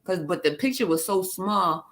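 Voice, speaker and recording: A woman's voice: on the low side, animated, normal speed. A woman with a New York accent chatting on a panel, blunt and profane, laughing often. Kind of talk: casual panel chat.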